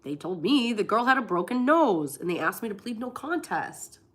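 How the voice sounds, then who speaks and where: Her medium-pitched voice moves at a normal pace with big pitch swings. A Floridian in her forties who's got a cold, she hosts a casual livestream, telling blunt, swear-filled stories and performing people's dialogue.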